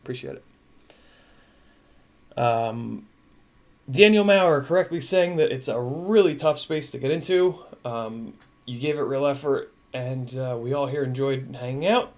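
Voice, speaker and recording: A man hosting a casual livestream, talking in a halting, emotional way with many restarts. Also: medium pitch. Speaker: livestream host.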